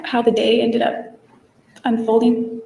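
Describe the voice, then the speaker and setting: A woman gives courtroom testimony in a slow, hesitant, subdued manner. Her voice is flat and mellow. It is picked up from a distance, with roomy echo and faint room noise behind it. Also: on the high side, creaky. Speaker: trial defendant testifying. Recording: roomy courtroom audio from far off.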